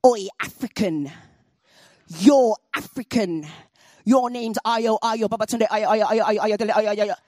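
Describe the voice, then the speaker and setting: A woman's voice: sits high, wildly swooping pitch, normal speed, creaky, no echo, studio quality, voice pushed up, exaggerated voice. A woman voicing a schoolgirl who squeals and mocks another child in a told story. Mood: sneering. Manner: squealing, mocking. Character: schoolgirl, chirpy then sneering.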